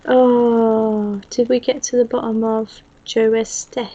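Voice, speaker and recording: Slow chatty woman reading out stream comments, kinda high voice, dull audio. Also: level tone, warm tone. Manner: chatty, giggly, reads out viewer comments. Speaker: co-host of a live darts watch-along. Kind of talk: casual chat. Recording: slightly muffled stream audio.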